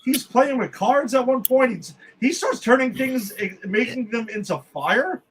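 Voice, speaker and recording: A man's voice: extremely high pitch, moderate pace, a little hiss or hum, low-quality recording. A man co-hosting a casual movie review podcast, sounding exasperated, swearing and rambling with restarts. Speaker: podcast co-host.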